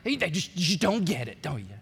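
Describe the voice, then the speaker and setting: Male pastor, high lively voice, bright tone, reverberant church sanctuary, folksy sermon delivery. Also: fairly quick, creaky, slightly rough. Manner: animated, folksy, acts out quoted voices. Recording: long hall reverb.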